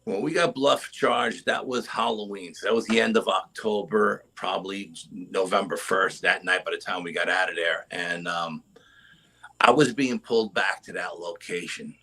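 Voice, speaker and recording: A middle-aged man telling a story as a guest in a live interview, animated and often asking "you know?". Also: sits low, normal speed, low-quality recording. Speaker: guest, cryptid investigator.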